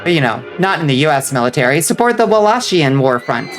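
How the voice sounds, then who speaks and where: A woman's voice: deep voice, big pitch swings, quick pace, music in the background. Chatty joking woman streamer. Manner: chatty, joking, answers viewer chat; laughs often. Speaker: vtuber streamer. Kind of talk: casual live-stream chat.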